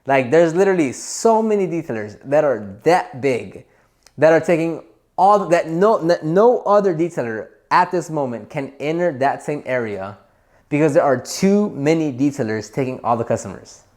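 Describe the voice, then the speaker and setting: A man hosting a detailing business channel, giving casual advice straight to camera in an animated, emphatic way, repeating himself and using many fillers. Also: on the high side, normal speed.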